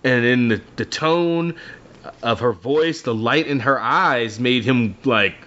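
This man speaks slowly in a mid-range voice, co-hosting a laid-back chat where he animatedly retells a book. He performs characters' lines along the way, and the recording sounds dull and lo-fi.

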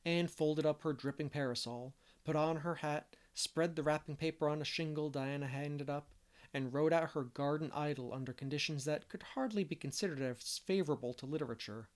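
A man reading a classic novel aloud as an audiobook narrator, steady and measured. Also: a little high. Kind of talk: scripted narration.

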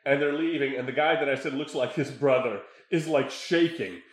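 A man's voice: mid-range voice, moderate pace. Laughing man telling stories in a roomy space. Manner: animated storytelling, laughs often. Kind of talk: casual chat. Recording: roomy echo.

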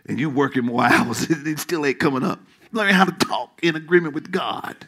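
A male pastor preaching a sermon in church, calling out questions to the congregation and dropping into hushed asides. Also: on the high side, normal speed. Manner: call-and-response preaching, swings from loud to hushed asides.

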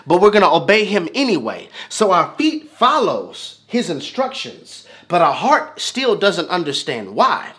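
A male preacher with a high, bright voice that swings widely in pitch. He preaches with emphasis, repeating lines and building in waves. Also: big pitch swings, unhurried, breathy edge. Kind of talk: sermon.

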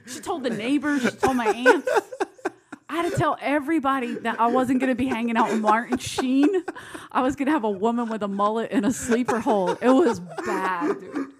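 A woman in her forties in casual chat, telling stories with lively energy, laughing often and swearing freely. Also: fairly high pitch, brisk, crowd noise. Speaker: guest.

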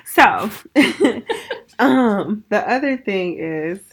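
A woman's voice: mid-range voice, animated, very slow, slightly rough. A woman co-hosting a podcast in casual chat, laughing often and asking her co-host questions.

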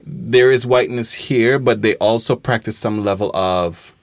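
A man's voice: medium pitch, moderate pace, no echo, clean studio sound. A young man from Trinidad, a guest in a roundtable conversation, talking thoughtfully and circling back over his phrases. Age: young adult. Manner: thoughtful, restarts phrases, many "like" fillers. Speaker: alumnus guest.

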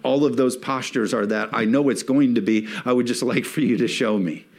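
A man's voice: medium pitch, normal speed, darkish tone. A man preaching a sermon in a church, reading scripture and rising to emphatic peaks as he calls on the congregation to respond. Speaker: pastor.

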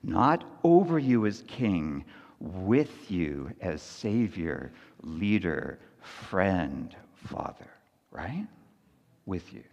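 A man preaching a sermon in a conversational style, often checking in with "right?" and moving between hushed, soft lines and loud, lively storytelling. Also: deep voice, drawn-out words, gravelly, big-room sound, muffled recording. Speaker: pastor.

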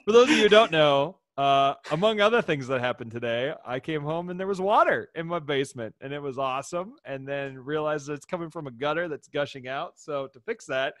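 A man's voice: on the high side, fairly quick, hardly any pauses, a bit bright, no echo, clean studio sound. A man hosting a podcast from home in casual chat, upbeat and joking, laughing often. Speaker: podcast host. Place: home, indoors.

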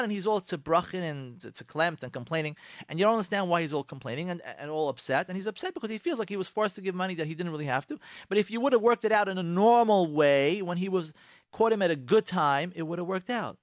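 Animated man lecturing on marriage. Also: high voice, fast, no echo, clean studio sound. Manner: animated, acts out both spouses in quotes, lectures the listener directly. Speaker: radio host giving marriage advice. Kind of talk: direct-address advice talk.

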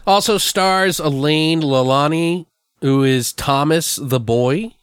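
A man's voice: fairly high pitch, takes it slowly, smooth, no echo. Podcast host, male, casual and profane, reads film trivia, dry close sound. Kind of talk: casual movie podcast chat.

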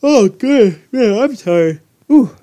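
A man co-hosting a casual sports podcast, rambling and repeating himself when excited. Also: very high voice, slow, dry recording. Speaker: podcast co-host.

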